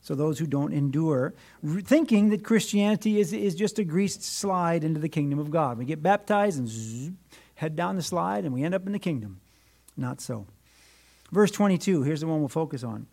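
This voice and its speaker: Male pastor, high voice, sermon delivery with dramatic loud-soft swings. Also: expressive, normal speed, creaky. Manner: wide swings between emphatic and hushed delivery.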